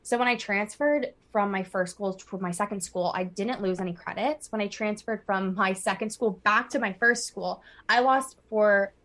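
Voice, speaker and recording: A woman's voice: medium pitch, moderate pace, hardly any pauses, a bit bright. A woman in her twenties, a podcast guest, talking in a rambling casual way with many fillers. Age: 20s. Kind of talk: casual chat.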